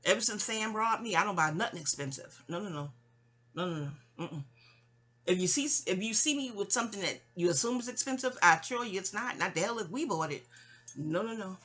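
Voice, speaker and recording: Briskly and expressively, a New York woman tells her own life story in a sharp, medium-pitched tone. She rambles off on tangents, cuts herself off with sighing asides, and keeps returning to where she started.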